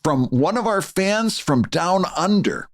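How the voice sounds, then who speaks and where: A man co-hosting a casual podcast in a lively voice that swings up and down, sitting a bit high. He trips over his words and laughs easily. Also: measured pace. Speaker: podcast co-host. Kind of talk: casual chat.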